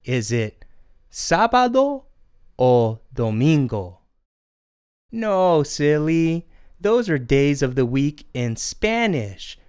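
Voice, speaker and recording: Puppeteer doing friendly sparrow puppet teacher for kids, very slow and bouncy, clean dry sound. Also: medium pitch, very animated, a little mellow, clean tone, no room sound. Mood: cheerful. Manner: sing-song, encouraging, drawn-out words. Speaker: children's language teacher. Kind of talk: children's lesson.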